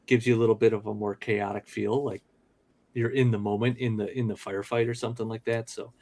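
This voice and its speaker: A man's voice: lowish voice, flat delivery, fast, a little mellow, dry recording. A man co-hosting a casual online show, easygoing and full of "yeah" and "all right" as he reviews photos. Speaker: podcast co-host reviewing toy photos. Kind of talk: casual chat.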